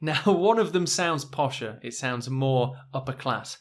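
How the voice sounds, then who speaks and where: A man's voice: mid-range voice, animated. A man from Northern England with a Northern English accent, teaching pronunciation in a recorded lesson and drawing out the example words with care. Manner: slow, careful, stretching example words.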